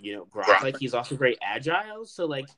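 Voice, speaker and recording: A man in casual podcast chat, relaxed, reeling off game statistics with profane asides. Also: medium pitch, fairly quick.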